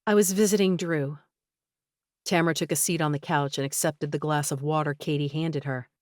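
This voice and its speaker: Female audiobook narrator, lower register, measured and gently expressive, dry close recording. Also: dry recording.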